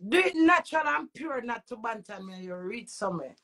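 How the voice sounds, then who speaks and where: A Jamaican woman delivering a preachy rant straight to her viewers. Her voice sits fairly high but carries a gravelly, fried edge, jumping from loud bursts down to low mutters. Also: lively intonation, brisk. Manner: emphatic, preachy, swings between loud outbursts and low muttering. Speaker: social media personality. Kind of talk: ranting monologue to camera.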